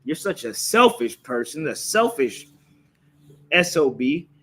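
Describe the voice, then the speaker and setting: A man's voice: on the high side, big pitch swings, a little slow, bright, forceful tone. A man teaching a live-streamed religious class, scolding his listeners with confrontational preaching and repeated rhetorical questions. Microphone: streaming live from a phone or computer.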